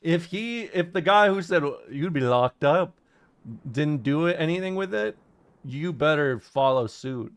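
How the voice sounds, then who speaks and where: A man's voice: a little high, animated, unhurried, clean tone. A man streaming a video game, chatting casually and reacting to chat with profane, incredulous jokes. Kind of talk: casual gameplay commentary.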